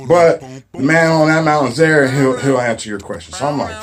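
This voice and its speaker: A man's voice: mid-range voice, brisk. A man telling a comic story in a rambling way, with heavy swearing and frequent fillers. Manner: rambling, heavy swearing, frequent "you know what I mean". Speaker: comedic storyteller. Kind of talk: profane comedic storytelling.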